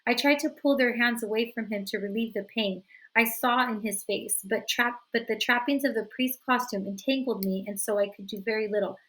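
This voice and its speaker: A woman teacher reads a novel aloud to her listeners in a steady, even narration. Her voice sits slightly high. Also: moderate pace, rough recording.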